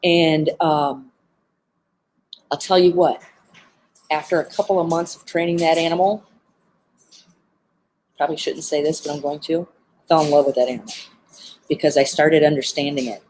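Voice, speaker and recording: A woman who trains animal behavior gives earnest, heartfelt advice during a live-streamed talk, sitting among birds at an animal center. Her low, slightly mellow voice has fairly even intonation and a moderate pace, and she pauses often and says "um" a lot. The recording is rough, with a little hiss or hum.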